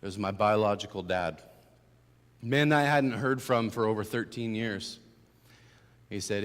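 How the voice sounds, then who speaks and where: A young man giving a personal testimony as a church speaker, moving between hushed and emphatic storytelling. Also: fairly low pitch, a little slow, long pauses. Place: church sanctuary. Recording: long hall reverb.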